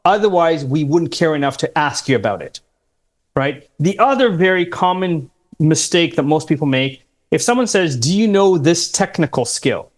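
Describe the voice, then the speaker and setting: Career coach guy, emphatic, breaks advice into steps, voice a bit high. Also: expressive, normal speed. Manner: emphatic, instructive, quotes interview lines. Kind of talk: advice-giving podcast talk.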